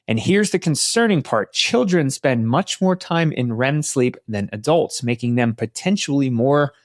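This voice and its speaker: Podcast host dude, middle-aged, reads health headlines then chats casually, dead dry recording. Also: male voice, mid-range voice, lively intonation, measured pace, dry recording. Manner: casual, chatty asides between read headlines. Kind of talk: health news roundup.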